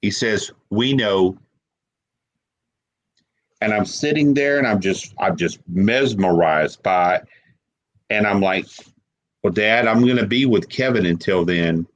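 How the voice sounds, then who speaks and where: A man with a somewhat low voice tells a personal story as an interview guest. He speaks haltingly, repeating words as he goes. He sounds close to tears. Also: rough recording. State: holding back tears. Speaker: guest paranormal investigator.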